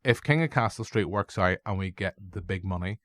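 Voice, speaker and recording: A man with a Northern Irish accent co-hosting a podcast, rambling and excitable, swearing and going off on tangents. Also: low-pitched, fairly quick, dry recording. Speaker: podcast co-host. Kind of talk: casual chat.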